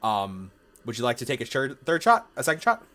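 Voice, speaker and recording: Guy game master narrating a tabletop horror game, slow and measured, mid-pitched voice. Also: big pitch swings, pushed and bright.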